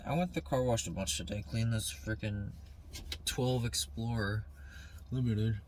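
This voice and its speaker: A man's voice: fairly low pitch, normal speed, darkish tone, slight background noise, poor audio. A young man talking casually and motivationally to his phone camera outdoors, rambling at times and then turning heated and preachy. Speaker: vlogger.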